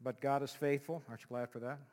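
A male pastor preaching a sermon in an animated way, dropping to a hush and rising loud again. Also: medium pitch, quick pace. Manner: animated, swings from loud to hushed, acts out quotes. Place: church sanctuary. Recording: long reverb of a church hall.

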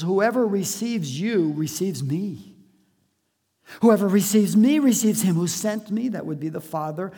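A preacher delivering a sermon, swinging between loud emphatic lines and hushed low drops, stretching words for emphasis. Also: slightly rough. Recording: long hall reverb.

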